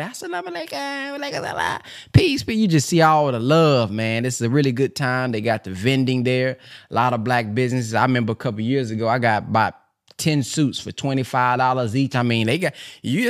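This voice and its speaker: Male host, casual slangy chat, lively pitch. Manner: animated, laughing, slangy, says "boy" and "man" a lot. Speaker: podcast host.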